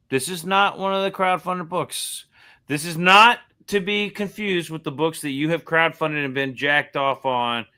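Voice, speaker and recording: A man with a high voice and a bright, sharp edge, holding forth in a heated, profane rant. He is blunt and argumentative, packing his talk with swearing as he pushes his point on a podcast. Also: clear, resonant tone. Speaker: podcast co-host. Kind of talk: profane, heated ranting chat.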